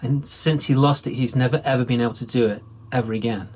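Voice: mid-range voice, steady tone, fast, a little mellow. An interviewer asking questions in a friendly, casual chat, often laughing and cutting in with short replies. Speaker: interviewer, podcast host.

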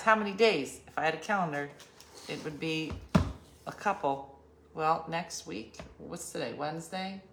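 A woman's voice: fairly low pitch, fairly bright tone, slight background noise. A woman host telling a rambling, jokey story in casual chat. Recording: roomy echo with faint ambience.

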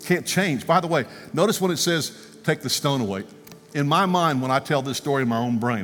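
Animated male preacher in a reverberant church. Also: mid-range voice, normal speed. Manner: animated storyteller, acting out quotes, ending in prayer. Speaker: guest speaker. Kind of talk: sermon storytelling. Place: church sanctuary. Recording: long reverb, music faintly behind.

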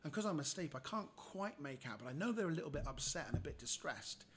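A man, a podcast guest telling funny personal stories in a lively way and acting out the people in them. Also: on the high side, quick pace, a little hiss or hum. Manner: animated storyteller, acts out the people in his stories. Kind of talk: casual anecdotal storytelling.

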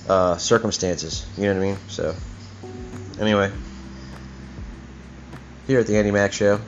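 A man hosting his own talk show, ranting in a heated, profane, rambling way. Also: fairly low pitch. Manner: profane, heated and rambling, with many "you know what I mean"s. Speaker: host. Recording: dull lo-fi recording with faint music.

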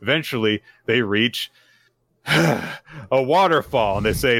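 Bright-voiced man recapping manga. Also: medium pitch, takes it slowly, vocal fry, no room sound, studio quality. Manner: animated retelling with acted-out quotes. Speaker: podcast co-host. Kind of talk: casual chat recapping manga.

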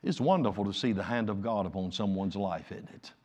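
A male pastor delivering a Sunday sermon, moving from quiet personal storytelling to loud, emphatic preaching. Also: lowish voice, a little fast.

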